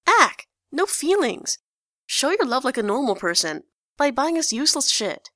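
A woman's voice: sits high, big pitch swings, fairly quick, pushed and bright, no room sound, studio quality, voice pushed up, exaggerated voice. A woman voicing a brash, cheeky teenage boy who swears bluntly.

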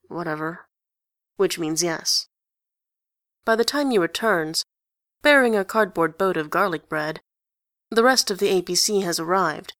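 A woman reads a story aloud in an even, conversational tone. Her voice sits on the low side, and the recording is close and dry, with no echo. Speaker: narrator. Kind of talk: story reading.

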